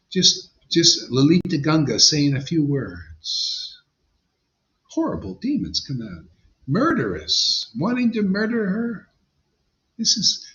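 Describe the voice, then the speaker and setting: A man's voice: on the high side, a bit bright, dull audio. A man giving an informal devotional sermon as a spiritual teacher, blunt and emphatic, with slangy asides.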